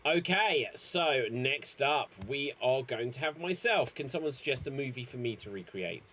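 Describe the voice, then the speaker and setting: A man hosting a comedy improv show, announcing rounds in a dry, unhurried way. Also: medium pitch, expressive, fairly bright tone, a little hiss or hum.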